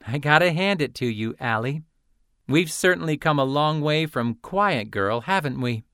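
A man's voice: a little high, expressive, moderate pace, a bit bright, no room sound, clean studio sound, pitched above the performer's own voice. A man voicing a condescending, cutting young female student in an audiobook.

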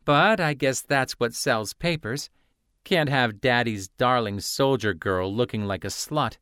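A man's voice: medium pitch, unhurried, fairly bright tone, clear, resonant tone, no room sound, clean studio sound, lightly acted. A man voicing a condescending, cutting young female student in an audiobook.

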